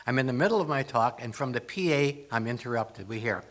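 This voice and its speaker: A man's voice: medium pitch, animated, a little fast, few pauses. An older man speaking as a guest at a spiritual gathering, telling humorous stories with acted asides. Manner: storytelling with jokes and acted asides. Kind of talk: humorous talk to a congregation.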